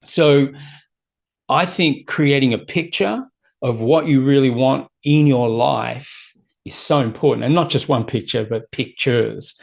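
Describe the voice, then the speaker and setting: A man's voice: mid-range voice, unhurried, vocal fry. A man, a personal development coach talking as an interview guest in an emphatic, motivational way, building points through repeated lists.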